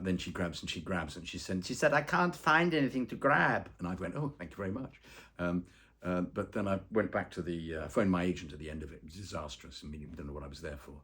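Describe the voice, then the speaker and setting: Man, very low voice, casual interview, rambling anecdotes, plays out quoted voices. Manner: rambling storyteller with many fillers, acts out quoted voices. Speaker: actor and voice-over artist interviewed.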